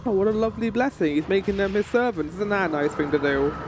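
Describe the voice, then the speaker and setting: A man's voice: high voice, quick pace, slight background noise. A man streaming a game, chatting casually and joking with frequent laughs. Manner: chatty, jokey, laughs often. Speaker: gaming streamer.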